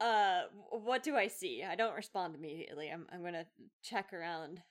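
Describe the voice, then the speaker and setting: A woman's voice: lowish voice, brisk. A woman playing a tabletop game, describing her character's actions in a hesitant, giggly way. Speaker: player.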